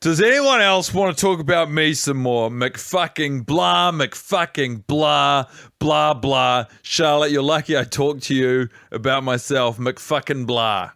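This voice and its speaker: A man's voice: on the high side, slow, creaky, few pauses, fairly bright tone, clear, resonant tone, dry recording, studio quality, heavily acted. A man doing a sarcastic impression of a self-absorbed woman who drones on about herself. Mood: mocking. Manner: droning, sarcastic.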